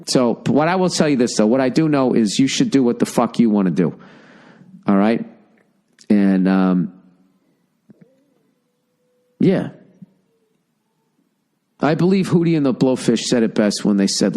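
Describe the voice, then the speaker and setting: A man's voice: mid-range voice, lively intonation, a little slow, pauses often, a little mellow. A middle-aged man from the United States hosting a podcast, answering listener mail in a blunt, profane, rambling rant. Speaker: podcast host. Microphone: podcast mic.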